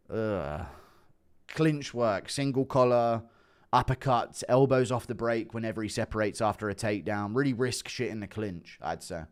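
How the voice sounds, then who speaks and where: A man talks casually into a streaming mic, reacting to his chat in a relaxed, easygoing way. He chuckles often and reads messages aloud. His voice sits at an ordinary pitch. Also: clear, resonant tone.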